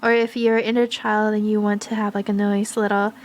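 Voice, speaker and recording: A woman giving a gentle, slow spiritual card reading, speaking in soft, affirming phrases with pauses and fillers. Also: mid-range voice, flat delivery. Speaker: tarot and oracle card reader.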